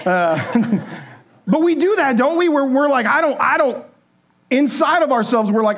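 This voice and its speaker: A man with a fairly high voice preaches from a church stage, talking to the congregation as if in conversation. He keeps asking them questions and acts out quoted inner thoughts. The sound is a little dull and lo-fi. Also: very animated, moderate pace, long pauses. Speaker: pastor. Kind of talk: sermon.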